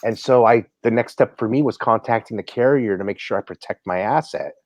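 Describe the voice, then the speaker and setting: A man's voice: medium pitch, fairly quick, a little mellow, no room sound. A man co-hosting a casual watch live stream, blunt and given to swearing and repeated words.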